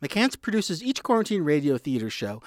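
Man, radio reporter, scripted news narration, animated pitch, dry studio sound. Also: normal speed, no room sound.

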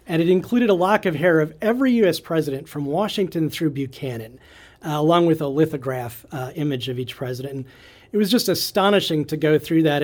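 A man who is a history professor, speaking as a guest on a radio interview and telling stories with enthusiasm, with many fillers and restarts. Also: on the high side.

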